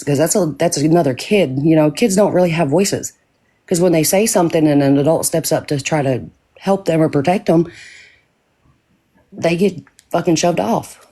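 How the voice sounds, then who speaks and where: A woman's voice: sits low, moderate pace, mellow, husky. A middle-aged woman and mother chatting casually, blunt and swearing freely. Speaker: mother in a group chat. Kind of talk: casual chat.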